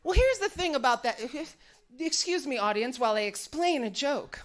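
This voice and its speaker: A woman's voice: high voice, animated, moderate pace. A woman comedian doing live stand-up on a club stage, brash and profane, teasing the crowd.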